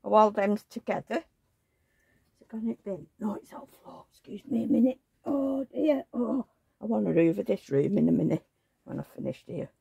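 Middle-aged lady, husky and gravelly, chatting away homely at home, dry close sound. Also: mid-range voice, lively intonation, normal speed, dark tone, no echo, lo-fi sound. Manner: homely, rambling, fond chatter. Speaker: doll collector vlogger. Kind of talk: casual chatty vlog, talking to dolls. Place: indoors at home.

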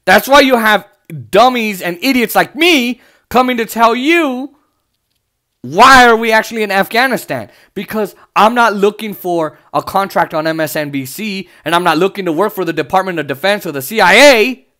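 A man's voice: sits high, lively intonation, moderate pace, bright, forceful tone. A man from the United States giving heated, sarcastic political commentary, swearing often as he rants.

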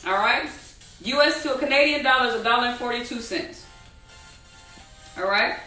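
A woman teaching a live online trading class, animated and repetitive, asking the audience many rhetorical questions. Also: fairly high pitch, normal speed, echoey room, recorded from a distance, soft background music, poor audio. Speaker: trading instructor.

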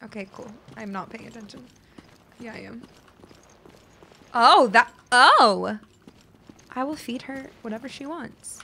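A woman's voice: fairly high pitch, brisk, slightly rough. A woman streaming a video game, chatting casually with her viewers, laughing and swearing as her voice gives out. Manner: chatty, laughs a lot, swears, talks to chat. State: losing her voice. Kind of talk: casual live-stream commentary.

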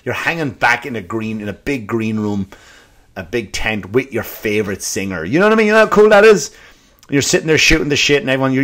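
An Irish man from Ireland hosting a comedy podcast, telling stories as a profane rant that swings from loud bursts to muttered asides. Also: fairly low pitch. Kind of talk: comic storytelling rant.

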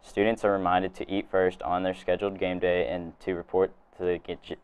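Teen boy, very low voice, smooth and clear, monotone, reading school news, stumbles on words. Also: fairly quick. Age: teens. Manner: reads steadily, trips over a few words. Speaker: student announcer.

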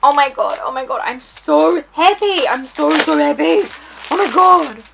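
A woman's voice: sits high, expressive, moderate pace, gravelly, noisy background. A young woman unboxing beauty products in her bedroom, gushing and gasping with repeated exclamations in a casual vlog. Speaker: beauty vlogger.

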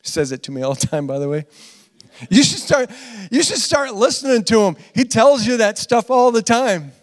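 A male pastor gives a conversational sermon in a high, lively voice, laughing and repeating himself for emphasis. He drops to quiet asides between loud, emphatic lines. A long reverb from the church hall trails every phrase. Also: moderate pace.

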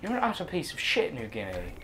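A woman's voice: rumbling low, wildly swooping pitch, quick pace, a bit bright, a little hiss or hum. Foul-mouthed woman playing a strategy game. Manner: profane, mock-outraged trash talk. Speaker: video game player. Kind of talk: let's play commentary.

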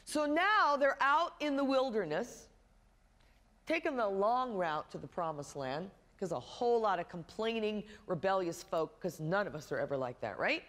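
Woman pastor: animated, up-and-down sermon delivery with wry humour. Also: mid-range voice, moderate pace, big-room sound. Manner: storytelling with humorous asides.

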